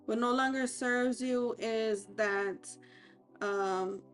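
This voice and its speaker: A woman reading tarot cards aloud as a life coach, talking in a hesitant, halting way with many fillers and restarts. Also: a little high, fairly even intonation, faint music behind.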